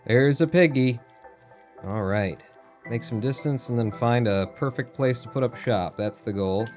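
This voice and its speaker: A man streaming a game live, thinking aloud, counting under his breath, chatting to animals and breaking into excited outbursts with casual swearing. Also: mid-range voice, unhurried, faint music behind. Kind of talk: live gameplay commentary.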